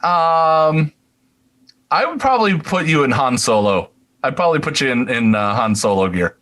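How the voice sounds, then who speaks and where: A man's voice: fairly high pitch, sing-song, normal speed, a bit bright. A man co-hosting a podcast in casual chat, easygoing, laughing often and steering the segments. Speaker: podcast co-host.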